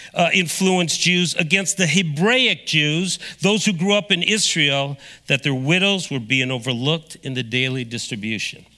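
A man preaching a sermon as pastor, energetic and drawing the congregation into call-and-response. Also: on the high side. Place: church sanctuary. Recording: long reverb of a large hall.

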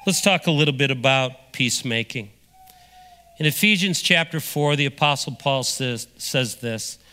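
Energetic pastor preaching in a reverberant hall. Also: male voice, mid-range voice, moderate pace. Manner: energetic, engages the congregation with call-and-response. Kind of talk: sermon. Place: church sanctuary. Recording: long reverb of a large hall.

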